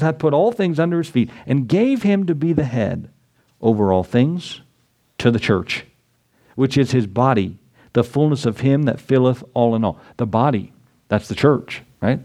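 A man preaching a sermon as pastor, folksy and animated, reading scripture and acting out voices with chuckles. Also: mid-range voice.

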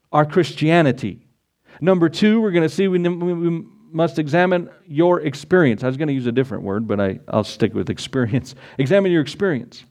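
Um pastor pregando um sermão num tom coloquial e popular, que cita e lê versículos da Bíblia. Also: male voice, on the high side, darkish tone. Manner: folksy, conversational preaching with Bible readings. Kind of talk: sermon.

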